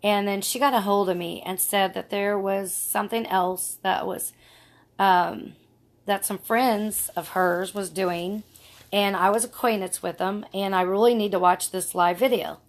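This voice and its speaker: A woman's voice: medium pitch, steady tone, measured pace. Earnest middle-aged woman telling her story. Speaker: vlogger. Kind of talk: casual personal story vlog.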